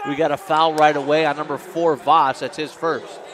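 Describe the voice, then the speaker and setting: A man calling live basketball play-by-play, quick and excitable, rising on big plays. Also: a little high, crowd noise. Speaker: play-by-play announcer. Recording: noisy gym broadcast.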